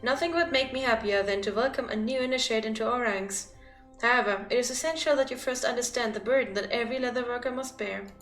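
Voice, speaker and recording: Woman reading as a formal guildmaster lady, stately, slightly high voice, faint game music. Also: fast talker, a bit bright, reverberant, natural voice. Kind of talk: reading game dialogue aloud.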